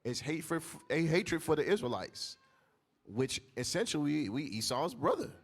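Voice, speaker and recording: A man's voice: fairly high pitch, very animated, moderate pace, creaky. A man teaching the Bible in a casual, emphatic storytelling way.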